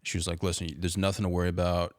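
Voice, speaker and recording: A man's voice: low voice, monotone, very fast, dry recording, studio quality. A young man telling a story as a podcast guest in casual chat, laid-back and saying "dude" and "like" all the time.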